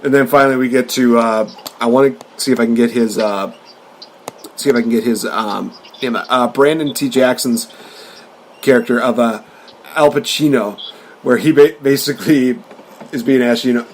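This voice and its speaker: A man's voice: mid-range voice, moderate pace, slight background noise. A man hosting a casual podcast chat, rambling with lots of fillers and laughing often. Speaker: podcast host. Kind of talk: casual chat about movies.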